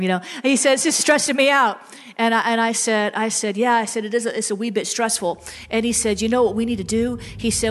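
A woman preaching a sermon, telling stories in a chatty way and slowing into drawn-out, emphatic prayer. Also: high voice. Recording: music playing behind the voice.

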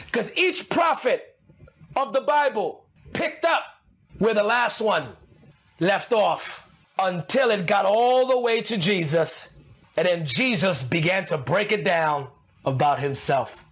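A man preaching an energetic sermon, excitable, often shouting and laughing, calling his listeners "baby". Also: high voice.

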